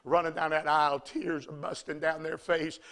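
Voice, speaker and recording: A preacher rolls a story forward in a raspy, high-set voice, then drops to a hush. He builds into full shouts. The sermon has the fire of a church revival. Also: flat delivery, normal speed. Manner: swings from hushed to shouting, storytelling.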